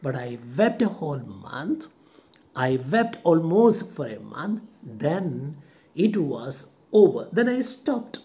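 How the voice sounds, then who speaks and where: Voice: mid-range voice, sing-song, slow pace, mellow. A teacher voicing an old male servant from a play who tells, in a plain and matter-of-fact way, how he grieved for his wife. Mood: recounting.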